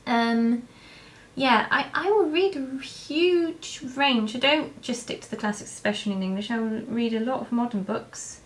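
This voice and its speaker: A woman's voice: a little high, moderate pace. Rambling woman chatting to camera. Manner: rambling, hesitant, many ums and restarts. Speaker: vlogger answering viewer questions. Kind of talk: casual chat to camera.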